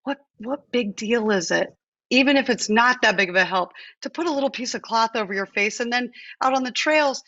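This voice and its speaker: A woman's voice: fairly high pitch, fairly quick, sharp tone, no room sound, highs cut off. A woman in her forties from the United States, co-hosting a live stream from home and talking casually and emotionally, with storytelling asides. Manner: emotional, chatty, tells stories with quoted asides. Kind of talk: casual conversational talk.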